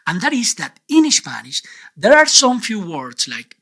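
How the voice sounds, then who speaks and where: A man teaching Spanish pronunciation in an online lesson, with a clear, deliberate delivery and frequent quiz questions to the viewer. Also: sits high, huge pitch swings, bright, forceful tone.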